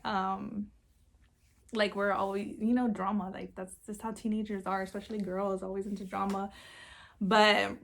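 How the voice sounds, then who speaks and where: A woman's voice: medium pitch, little pitch movement, normal speed, vocal fry, a little hiss or hum. A young woman chatting casually in a storytime vlog, laughing easily and filling her talk with "like" and "um". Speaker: vlogger.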